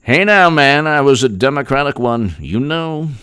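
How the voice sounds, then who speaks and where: A man's voice: mid-range voice, animated, moderate pace, pushed and bright, clear, resonant tone, no echo, clean studio sound. A man doing an impression of a rambling, folksy elderly politician who repeats catchphrases and jumbles his words. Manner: mumbling, repetitive catchphrases, jumbled.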